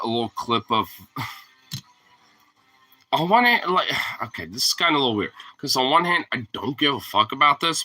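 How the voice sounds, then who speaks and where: A man's voice: medium pitch, pushed and bright, poor audio. A man ranting casually as a vlogger, rambling and profane, often laughing at his own points. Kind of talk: casual rant to camera.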